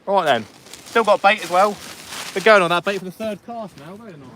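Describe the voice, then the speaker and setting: A man's voice: high voice, fairly quick, fairly bright tone, a little hiss or hum. A man chatting casually on a fishing livestream outdoors on a beach at night, reading out viewer comments as he goes.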